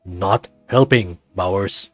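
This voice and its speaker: A big brown werewolf in a storybook, speaking low, soft and reassuring with careful, formal words, as a narrator voices him. The tone is husky and dry. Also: male voice, slow pace, no echo, faint music behind, full character voice. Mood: scolding. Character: large gentle brown male werewolf, caring.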